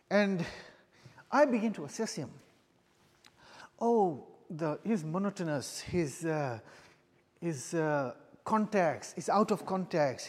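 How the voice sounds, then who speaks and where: A man preaching a sermon with a personal testimony, earnest and halting, often restarting and repeating his phrases. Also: sits high, a little mellow, long reverb tail.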